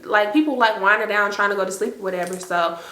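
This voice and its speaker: A young woman, telling an animated, slangy storytime to her viewers. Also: medium pitch, fast talker, echoey room. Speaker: storytime vlogger. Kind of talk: casual storytime.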